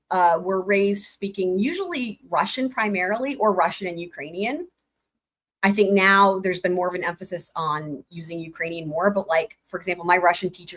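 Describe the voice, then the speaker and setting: Woman giving sarcastic live trial commentary. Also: mid-range voice. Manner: animated and incredulous, reading legal filings aloud with sarcastic asides. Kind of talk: casual live-stream commentary.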